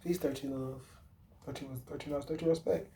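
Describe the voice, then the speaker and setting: A man's voice: medium pitch, steady tone, fairly quick, warm tone, a little hiss or hum. A man talking casually to his viewers about a film, rambling and slangy, with lots of swearing, fillers and self-corrections. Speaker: vlogger. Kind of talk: casual movie talk.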